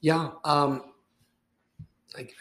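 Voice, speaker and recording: A man's voice: on the high side, level tone, very slow, a bit bright. An older man co-hosting a sports podcast, telling easygoing anecdotes in casual chat.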